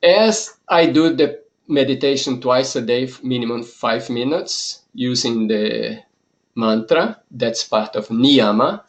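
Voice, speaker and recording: A male yoga teacher and monk giving a spoken lesson. He speaks very slowly, setting out each idea in short, measured phrases with pauses between them. His voice sits at an ordinary middle pitch for a man.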